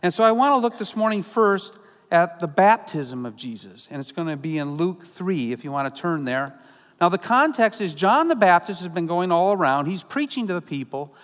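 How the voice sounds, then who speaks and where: A man preaching a sermon as pastor, earnest, slowing down when he quotes scripture. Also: high voice, very animated, a bit bright, long reverb tail.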